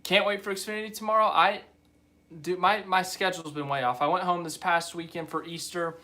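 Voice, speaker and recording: A man's voice: high-pitched, little pitch movement, brisk, pushed and bright. A young man hosting a live stream, chatting casually and rambling as he reads viewer comments aloud. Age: young adult.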